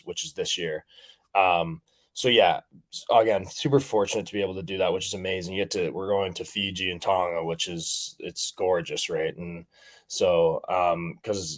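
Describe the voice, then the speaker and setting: A young man from Canada, a professional rugby player, chatting in an interview with lots of fillers and restarts. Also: low-pitched. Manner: rambling, many fillers and restarts. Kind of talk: casual interview chat.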